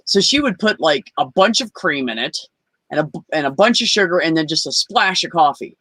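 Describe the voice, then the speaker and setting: A man's voice: fairly high pitch, lively intonation, fairly quick, bright, forceful tone, husky, no echo. A man hosting a casual open-mic chat, joking and bantering. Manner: jokey, playful banter. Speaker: host.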